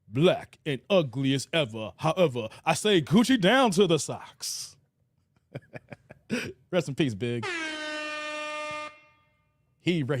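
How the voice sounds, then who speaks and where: A man's voice: on the high side, dry recording, studio quality. A man hosting a reaction commentary show, joking loosely, laughing often and reading out live chat.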